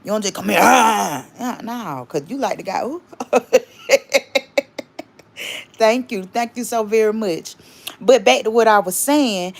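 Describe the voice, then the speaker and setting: A woman hosting a casual livestream, rambling chattily and stopping to greet and thank viewers. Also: a little high. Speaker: livestream host.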